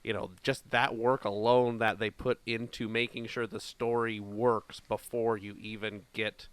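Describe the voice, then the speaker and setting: A man co-hosting a podcast in casual chat, animated and joking, slipping into silly voices. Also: lowish voice, measured pace, clean tone. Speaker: podcast co-host.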